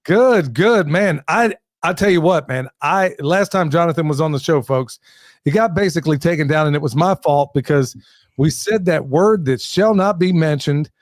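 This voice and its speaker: A man's voice: fairly high pitch, moderate pace, no echo, clean studio sound. Jokey man hosting a podcast. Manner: joking, laughs often, addresses folks. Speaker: podcast host. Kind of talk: casual podcast chat.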